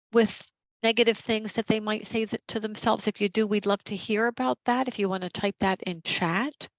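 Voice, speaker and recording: A woman teaching a caregiver support workshop over a video call, gentle and encouraging, with casual fillers. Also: medium pitch, no room sound, poor audio.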